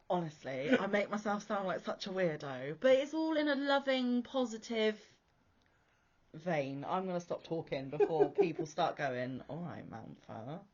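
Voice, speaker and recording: A woman's voice: mid-range voice, moderate pace, a little mellow, muffled recording. A British woman hosting a crochet podcast, talking in a chatty, enthusiastic, rambling way. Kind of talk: casual chat.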